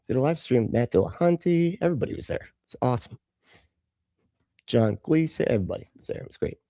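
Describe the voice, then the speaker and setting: A man's voice: mid-range voice, dark tone, no echo, studio quality. A man hosting a casual live stream, chatting and laughing with viewers as he reacts to videos. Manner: chatty, greets chat viewers, laughs often. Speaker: livestream host reacting to videos.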